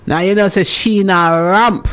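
A man's voice: sits high, fairly even intonation, a little slow, fairly bright tone. A man hosting a radio talk show, chatting casually, musing aloud and laughing often as he reads out listener comments. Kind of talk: casual chat.

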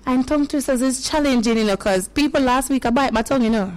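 Lady hosting a kids radio show, high voice, slow and sing-song, music playing under her. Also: a little mellow, low-quality recording. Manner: playful, laughs often, greets listeners by name. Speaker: children's radio show host. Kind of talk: lively call-in radio chat for kids.

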